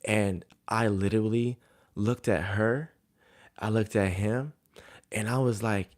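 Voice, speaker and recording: Male coach, lowish voice, relaxed storytelling advice with lots of fillers. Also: slow pace. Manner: conversational, filler-heavy storytelling. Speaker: jump coach. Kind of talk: casual advice talk to coaches.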